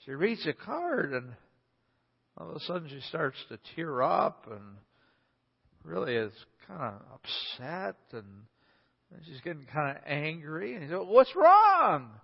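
A man's voice: on the high side, sing-song, unhurried, gravelly, slightly rough. A male pastor preaching a sermon, telling a story and repeating key points for emphasis. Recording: echoey hall, slightly dull.

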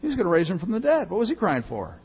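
A male pastor giving a sermon, swinging between loud emphasis and soft, hushed reading. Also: high-pitched, huge pitch swings, very fast, husky, highs cut off.

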